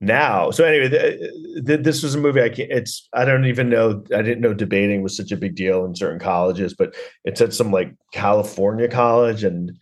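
This podcast host has a lowish voice and talks a little fast. He rambles sarcastically through a comedic movie review, restarting often and saying "like" a lot.

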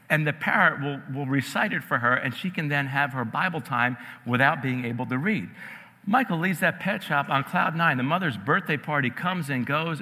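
A man from New York raised in New Jersey, telling a story in a sermon in an animated, conversational way. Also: fairly high pitch. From New York area, raised in New Jersey. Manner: animated, conversational, addresses audience directly. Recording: long reverb in a large hall.

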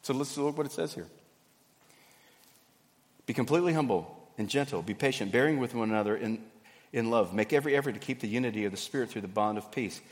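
A man, preaching a sermon in a folksy, animated way. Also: medium pitch, quick pace. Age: 50s. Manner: folksy, animated, acts out little scenes. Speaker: pastor. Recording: hall reverb.

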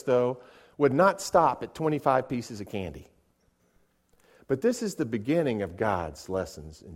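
A middle-aged man preaching a sermon, often repeating words as he starts sentences and moving between soft asides and loud emphatic peaks. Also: on the high side. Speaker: pastor.

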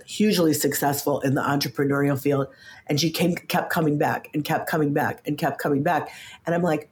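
A woman in her fifties, a guest on a podcast interview, talking in an animated, casual way, often stumbling on the first words of a sentence. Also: deep voice, brisk, a little hiss or hum. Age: 50s. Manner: animated, stammers at starts, acts out quoted voices. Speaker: podcast guest, coach and author.

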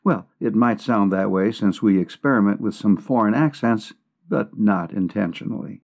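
A man's voice: on the low side, moderate pace, darkish tone. A man co-hosting a comedy podcast, trading playful wisecracks with his partner. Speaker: podcast co-host. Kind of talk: casual comic chat.

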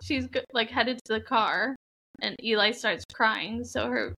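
Bright, eager woman's voice. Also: fairly high pitch, measured pace, gravelly. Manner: eager, agreeing, acts out quotes. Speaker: book discussion co-host. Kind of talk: casual chat recapping a novel.

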